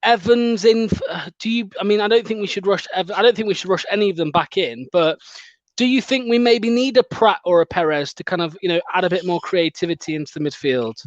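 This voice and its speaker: A chatty man with a fairly high voice hosts a fan show over a call. His talk is quick and upbeat, broken up by laughter. The audio is dull, lo-fi and dry, with no room sound. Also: no room sound. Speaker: fan channel host. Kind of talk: casual live-stream chat.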